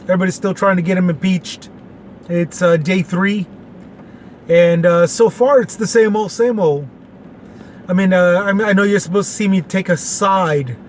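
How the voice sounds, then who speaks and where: A man's voice: high voice, moderate pace, a little hiss or hum. A man in his late forties from Texas, hosting a casual opinion show in a rambling, folksy way with many fillers. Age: 40s. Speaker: podcast host.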